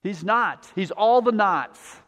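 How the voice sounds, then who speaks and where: A male pastor preaching a sermon with a repetitive cadence, building up and then dropping to a quiet, low delivery. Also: expressive, takes it slowly. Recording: long hall reverb.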